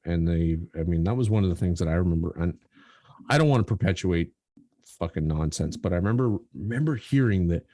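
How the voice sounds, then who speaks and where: Low-voiced, animated man chatting. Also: fairly quick, no room sound. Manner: animated, swears freely, laughs often. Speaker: podcast co-host. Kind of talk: casual chat.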